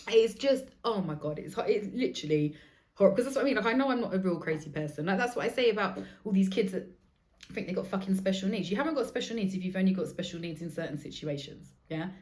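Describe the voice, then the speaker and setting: A woman's voice: a little high, expressive, fairly quick. A woman in her forties hosting a candid solo podcast, telling stories bluntly and emotionally with plenty of swearing. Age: 40s. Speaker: podcast host.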